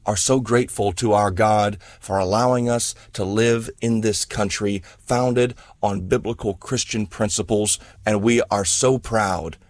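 A man's voice: fairly low pitch, fairly even intonation, measured pace, few pauses, no echo. A man narrating an enthusiastic, earnest report on an event he attended.

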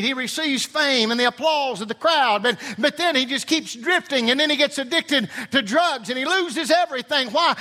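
High, bright-voiced fervent male preacher. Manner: fervent, shouting, with sudden soft drops. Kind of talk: impassioned sermon. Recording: long reverb of a large hall.

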